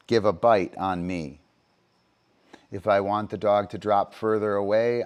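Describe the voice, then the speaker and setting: Deep-voiced man explaining dog training. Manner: explains training methods with frequent "right?" and "um". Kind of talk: livestream.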